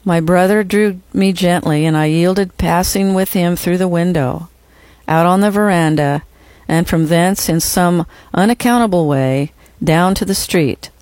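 Measured, reverent audiobook narrator. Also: mid-range voice, darkish tone, no echo. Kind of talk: audiobook reading of a first-person memoir.

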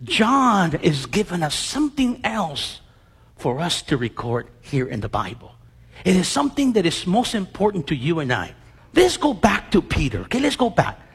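A man's voice: sits high, wildly swooping pitch, moderate pace, slightly rough, long reverb tail. A man preaching a sermon, acting out Bible scenes and quizzing his congregation with questions.

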